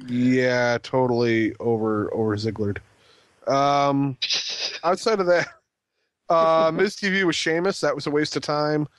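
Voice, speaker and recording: A man's voice: medium pitch, unhurried, smooth, dry recording. A man co-hosting a casual wrestling podcast, rambling with frequent ums and restarts. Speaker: podcast co-host.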